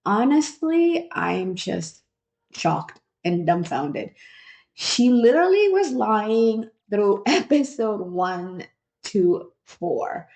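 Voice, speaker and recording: A young adult woman hosting a casual reality show recap, talking in an animated, incredulous and opinionated way. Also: a little high. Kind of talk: casual review vlog.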